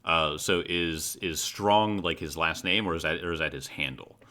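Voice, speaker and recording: Deep bright-voiced man running a game. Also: normal speed. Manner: hesitant, many fillers and restarts. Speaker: game master. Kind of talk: guiding character creation in a tabletop game.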